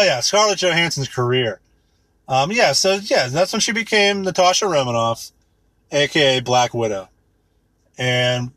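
A man in his thirties with a fairly high, slightly bright voice, recorded dry, delivers a profane comedic rant. He rambles sarcastically, swears heavily, and mocks things using put-on voices.

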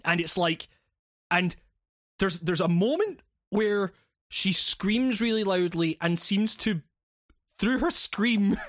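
A man's voice: high-pitched, lively intonation, slow pace, a bit bright, dry recording, clean studio sound. A man recapping a video game plot in casual chat, rambling and swearing, with many fillers and restarts.

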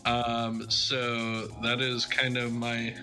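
A man's voice: medium pitch, monotone, very slow, pushed and bright, faint music behind. A man co-hosting a casual gaming chat, joking and asking rambling questions. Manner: jokey, self-deprecating, asks long questions. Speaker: co-host.

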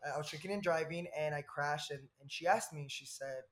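A man in his thirties from Southern California, a podcast guest telling a personal story in a lively, rambling way with frequent laughs. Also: a little high, fairly quick, slight background noise. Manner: animated, laughs often, rambling asides.

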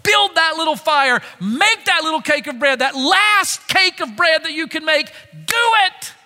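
Man preaching, high bright voice, dramatic drops to hushed tones, long hall reverb. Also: animated, normal speed. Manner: dramatic swings from loud emphasis to hushed low tones. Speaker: pastor. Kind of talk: sermon.

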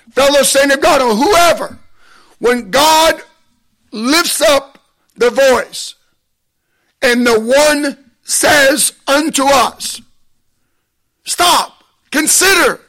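A man delivers a sermon in a strikingly high voice, taking his time with long, deliberate pauses. He speaks with emphasis and builds into impassioned appeals, with a bright, forceful edge to his voice. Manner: measured, emphatic preaching with deliberate pauses, rising to impassioned exhortation. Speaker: preacher.

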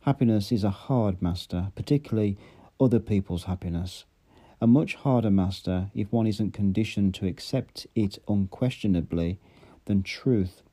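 A world-weary ruler speaks in a dry, measured, sarcastic tone, as a male reader gives him voice. The voice is low and very dark. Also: breathy edge. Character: sardonic, world-weary middle-aged male world controller.

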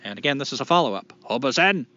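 A man's voice: mid-range voice, animated, fast, bright, forceful tone. A man co-hosting a casual podcast, rambling and swearing freely, poking fun at himself. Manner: rambling, profane, self-deprecating. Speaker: podcast co-host. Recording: dull lo-fi podcast recording.

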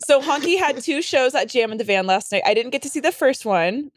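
A woman's voice: high voice, animated, a little fast, dry recording. A woman co-hosting a podcast in casual comedic chat, playful and slangy, swearing freely. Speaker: podcast co-host.

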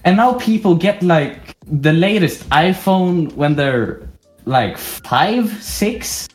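Faint music plays behind a young man from Sweden as he chats casually on the podcast he co-hosts, wandering through anecdotes and laughing a lot. He speaks slowly in a high-pitched, animated voice, and there's a roomy echo.

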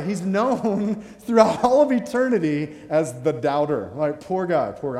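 A male pastor with a slightly high voice preaches to his church. He jokes and acts out little scenes in quoted voices. His voice rings through a roomy sanctuary with a long reverb tail. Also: expressive, normal speed, few pauses, a little mellow. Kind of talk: sermon. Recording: echoey hall with long reverb.

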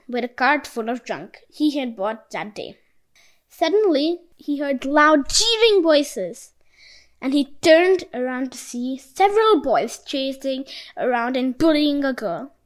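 A woman narrating a folk tale in an expressive storybook reading style. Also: sits high, a little slow, rough recording.

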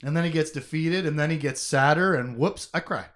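A man's voice: fairly high pitch, fairly quick, fairly bright tone. A young man co-hosting a podcast, chatting casually about a novel in an emotive, conversational way with plenty of fillers and laughter.

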